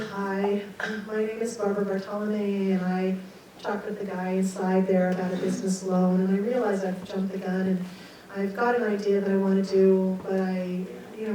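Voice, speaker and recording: A woman storyteller addresses a meeting, animated and self-mocking as she acts out each exchange. Her voice sits in a middle range and carries a strong hall echo. She is heard from some distance over faint background noise. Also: mid-range voice. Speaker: guest speaker. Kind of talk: personal storytelling talk. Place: lecture room.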